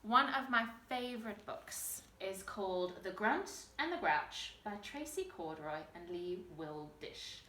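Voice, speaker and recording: Lively woman teacher reading a story. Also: medium pitch, a little slow, hardly any pauses, roomy sound, a little hiss or hum. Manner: expressive, animated storytelling. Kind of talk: picture book read-aloud.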